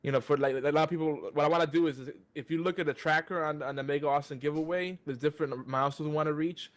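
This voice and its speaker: Over a video call, a man co-hosting a podcast rants at a quick pace in a steady, slightly high voice. His casual chat features free swearing and stumbling restarts.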